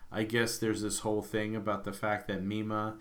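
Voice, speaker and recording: An American man with a fairly low voice co-hosts a film podcast. He talks in a relaxed, chatty way with loose, wandering phrasing. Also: moderate pace. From United States. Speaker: podcast co-host. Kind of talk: casual film discussion.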